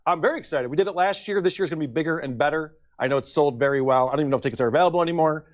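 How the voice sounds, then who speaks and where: Rapid-talking man in a TV interview. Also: on the high side. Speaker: musician guest on morning news.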